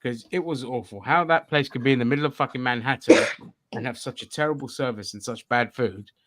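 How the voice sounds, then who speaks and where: A man's voice: medium pitch, brisk, fairly bright tone. A man co-hosting a casual podcast, telling a blunt story full of swearing. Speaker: podcast co-host. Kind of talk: casual banter.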